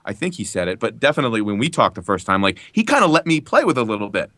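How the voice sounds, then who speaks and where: A voice actor from Philadelphia tells stories in a podcast, laughing often and jumping into asides. His tone is bright and forceful, recorded very dry and close. His speech is mostly standard American. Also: fairly low pitch, no room sound. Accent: trained-out Philadelphia, standard American Midwestern style. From Philadelphia area. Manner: animated storyteller, laughs often, quick asides. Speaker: guest voice actor. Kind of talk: casual podcast chat.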